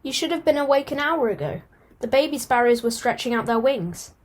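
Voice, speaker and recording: Smudge, a woman doing a high, eager house cat. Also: animated. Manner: eager, quick, high-pitched questioning. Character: chatty, excitable young male house cat.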